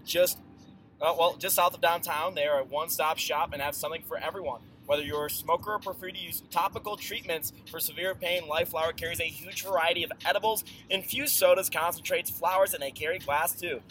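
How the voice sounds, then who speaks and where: A man reading an ad on the car ride home, brisk and upbeat with a few quick stumbles. His voice is sharp and bright and a little high. Faint traffic and car noise sit behind him. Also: fairly even intonation. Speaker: podcast co-host reading an ad. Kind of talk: read advertisement.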